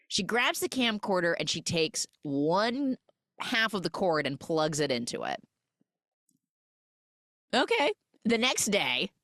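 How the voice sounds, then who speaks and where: A podcast host retells a film's plot in a casual recap chat, chatty and animated with lots of "like." Her voice sits low, with no echo and clean studio sound.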